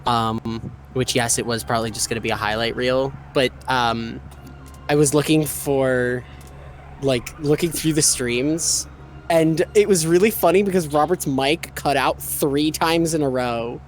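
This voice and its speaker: A man's voice: medium pitch, steady tone, a little slow, slight background noise. A man joking and telling stories with friends on a gaming stream. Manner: joking, storytelling. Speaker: stream co-host. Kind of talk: casual gaming stream chat.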